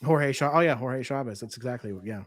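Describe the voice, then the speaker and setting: A man's voice: medium pitch, fast talker, dry recording. A man co-hosting a podcast in casual, candid chat, swearing freely. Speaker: podcast co-host.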